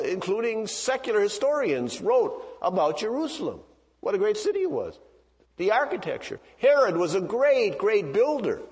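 Guy giving a sermon in church, kinda high voice, big reverby room, rambling story style. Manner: conversational storytelling with many asides and restarts. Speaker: pastor. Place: church sanctuary.

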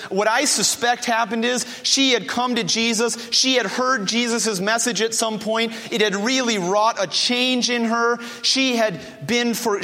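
A man's voice: high voice, sharp tone. A male preacher delivering a sermon with emphatic repetition and rhetorical questions. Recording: long hall reverb.

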